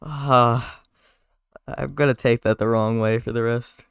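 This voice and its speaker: A man's voice: medium pitch, steady tone, unhurried, vocal fry, fairly bright tone, clear, resonant tone, no echo, clean studio sound. A man voicing a nervous, polite young male bee in a live script reading, stammering and flustered.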